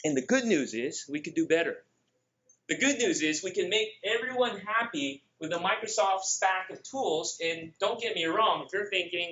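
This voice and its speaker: A man with a Filipino accent and a fairly high voice works a conference room, joking and tossing questions straight at his listeners. His delivery is brisk and animated. The recording is somewhat muffled and lo-fi. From Philippines. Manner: energetic, joking, addresses the audience directly. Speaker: conference speaker. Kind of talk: lively conference presentation.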